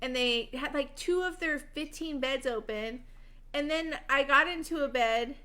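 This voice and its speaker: Woman, bright voice, chatty, swears casually, tipsy, live-stream co-host. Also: high voice, measured pace. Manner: chatty storyteller, laughs a lot, swears casually.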